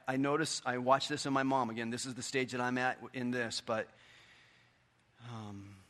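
A middle-aged male pastor gives an earnest, conversational sermon with quiet asides. His voice is mid-range and medium in pitch.

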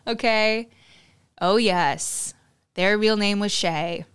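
A woman's voice: mid-range voice, lively intonation, moderate pace, a bit bright, clear, resonant tone. A woman hosting a solo podcast, telling a story in a candid, chatty way. She swears freely, uses lots of "like" fillers, and talks straight to her listeners. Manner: confiding, addresses listeners directly. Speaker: podcast host.

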